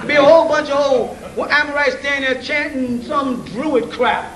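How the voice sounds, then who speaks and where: High-voiced man lecturing, slangy and joking. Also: steady tone, moderate pace, few pauses, a bit bright. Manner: slangy, joking, full of rhetorical questions; chuckles between points. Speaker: lecturer addressing an audience. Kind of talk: informal spoken lecture. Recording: roomy, distant, faint hiss.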